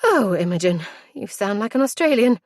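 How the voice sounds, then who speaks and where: A woman voicing a gentle, fretful middle-aged mother who has been crying and speaks softly in a thick voice. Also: medium pitch, big pitch swings, moderate pace, no room sound, studio quality. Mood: tearful. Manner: soft, thick-voiced, near whisper. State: tearful.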